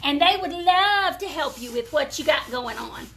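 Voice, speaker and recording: A woman's voice: high voice, expressive, moderate pace, bright, forceful tone, a little hiss or hum. A woman with a Southern US accent giving a chatty, folksy live demonstration of furniture painting, talking straight to her viewers. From American South.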